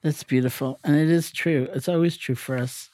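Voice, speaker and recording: A woman hosting a podcast conversation, gently affirming her guest with soft encouragements. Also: deep voice, steady tone, moderate pace, dry recording, clean studio sound. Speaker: podcast host. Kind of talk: warm interview conversation.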